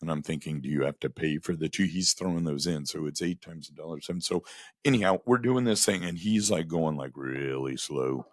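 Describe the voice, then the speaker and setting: A man telling casual stories about running a radio station, acting out the dialogue with lively energy. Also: very deep voice, a little fast, no echo, clean studio sound. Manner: animated, acts out quoted dialogue. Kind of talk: casual storytelling monologue.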